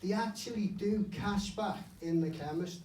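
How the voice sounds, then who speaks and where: Blunt, sweary comedian on stage. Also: male voice, high-pitched, moderate pace, darkish tone, a little hiss or hum. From Liverpool area. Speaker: stand-up comedian. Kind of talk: live stand-up set. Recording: echoey club from far off. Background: audience laughter.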